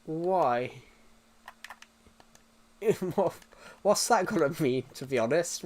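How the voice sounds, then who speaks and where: A man's voice: fairly high pitch, lively intonation, takes it slowly, pauses often. A young British man streaming live, chatting casually with viewers in a rambling way, full of restarts and fillers. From United Kingdom.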